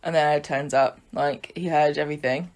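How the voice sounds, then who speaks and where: A woman with a fairly low voice talks through a soap's plot in a relaxed, chatty way. She jokes along as she goes and leans on plenty of fillers. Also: normal speed. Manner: chatty and joking, with fillers and laughs. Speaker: podcast co-host. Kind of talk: casual soap opera recap.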